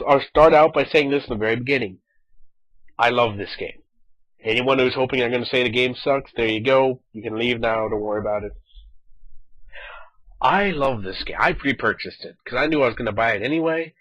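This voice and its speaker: A man chatting casually over his gameplay footage, animated and talkative, acting out quoted lines as he goes. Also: medium pitch, brisk, no room sound, dull audio. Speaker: gaming video host.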